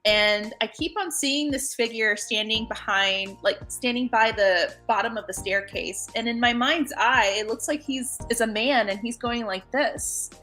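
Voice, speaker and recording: A woman telling a ghost story in casual chat, animated and laughing, acting out the voices of the people in it. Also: a little high, unhurried, few pauses, faint music behind.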